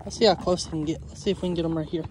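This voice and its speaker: Guy out in a pasture sweet-talking his cows, fairly high voice. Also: fairly even intonation, racing, darkish tone, a little hiss or hum. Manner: coaxing, affectionate chatter to animals. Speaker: homesteader vlogger. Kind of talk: casual vlog talk. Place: outdoor pasture.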